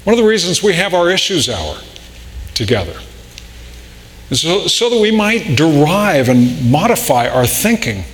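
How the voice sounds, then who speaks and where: A man preaching a sermon in a slow, deliberate way, often repeating and restarting words. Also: on the high side, big pitch swings. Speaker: pastor. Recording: long reverb in a large hall, faint room noise.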